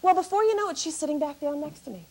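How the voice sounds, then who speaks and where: A high-energy woman telling a funny travel story on stage, animated and often laughing through her lines. Her voice is very high. A faint hiss runs under the recording. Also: very fast. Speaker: keynote speaker. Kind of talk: comic storytelling to an audience.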